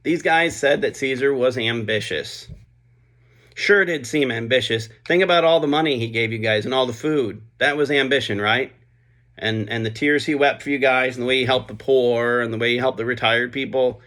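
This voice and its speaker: A man's voice: medium pitch, normal speed, fairly bright tone, lightly acted. A man voicing a scheming male Roman orator who sways a crowd with mock-innocent persuasion. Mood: sly persuasive.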